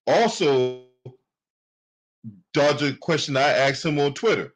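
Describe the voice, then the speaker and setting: Male commentary host, AAVE speech, heated profane rant, slightly higher-pitched voice. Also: expressive, slow pace, pauses often. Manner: heated, profane, repetitive ranting. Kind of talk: angry political commentary.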